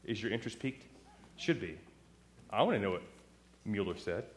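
A man preaching a sermon, animated and talking straight to the congregation with rhetorical questions. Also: lowish voice, a little fast, a little hiss or hum. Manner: asks the audience rhetorical questions; animated, talks straight to the crowd.

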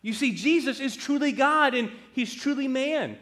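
A man's voice: fairly high pitch, big pitch swings, a little slow. A man voicing a young Roman son newly turned Christian, speaking eagerly to his parents. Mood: fervent. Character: young male Roman convert, eager and fervent.

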